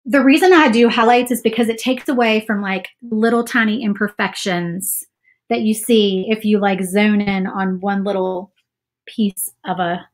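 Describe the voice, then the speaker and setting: A woman's voice: mid-range voice, a little hiss or hum. A woman chatting casually while she paints on a livestream, self-doubting and saying "y'all" often. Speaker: craft livestream host.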